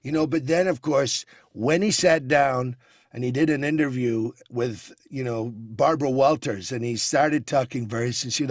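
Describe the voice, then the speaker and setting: A man chatting as an impressionist guest on a talk show, telling lively anecdotes and slipping into voices. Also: mid-range voice, normal speed, dry recording, studio quality. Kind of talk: casual talk-show chat.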